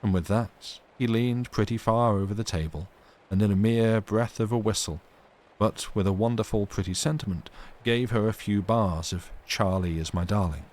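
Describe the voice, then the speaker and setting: Brief: male storyteller, low register, measured read-aloud of a classic novel. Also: a little mellow. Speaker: reader. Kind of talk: reading a novel aloud on a livestream.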